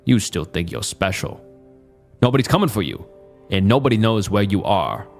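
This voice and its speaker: A man voicing a cruel masked male cult leader with a put-on Southern accent, speaking with quiet, level malice. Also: lowish voice, sing-song, moderate pace, gravelly, soft background music, pitched below the performer's own voice. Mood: quiet menace.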